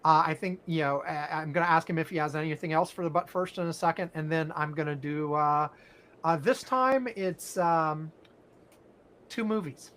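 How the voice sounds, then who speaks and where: A man's voice: on the high side, normal speed, a bit bright. A man hosting a podcast in casual chat, speaking in a dry, matter-of-fact way. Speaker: podcast host.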